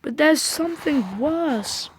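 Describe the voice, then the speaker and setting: A woman's voice: high voice, lively intonation, slow pace, slight background noise, voice pushed up. A woman voicing Toby, a timid male tram engine, talking in a shaky stammer in a storybook reading. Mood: frightened.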